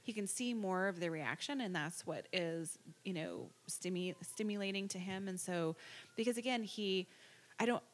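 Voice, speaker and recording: A woman's voice: mid-range voice, normal speed. A woman and parent in casual conversation, talking at length with frequent restarts and trailing fillers.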